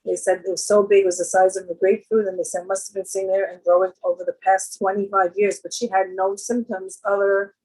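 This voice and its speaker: Husky-voiced woman telling stories casually. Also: medium pitch, flat delivery, quick pace, hardly any pauses, a little mellow, low-quality recording. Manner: conversational, with many fillers and jumps into quoted voices. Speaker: speaker at a women's gathering. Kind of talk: storytelling talk.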